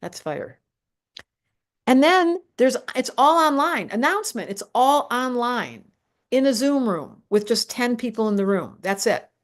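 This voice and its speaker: A slightly high-voiced older woman runs a live astrology class on the internet at a measured pace. She talks to viewers head-on, with the emphatic energy of an animated teacher.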